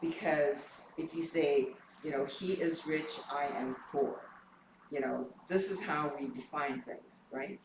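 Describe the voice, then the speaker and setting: A man with a hoarse, froggy voice gives an informal reflection at a temple service, halting and pausing often. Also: fairly high pitch, fairly even intonation, background noise. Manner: halting, many pauses and fillers. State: hoarse, clearing his throat. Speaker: temple board member sharing a reflection. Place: temple hall. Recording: echoey hall, mic far off.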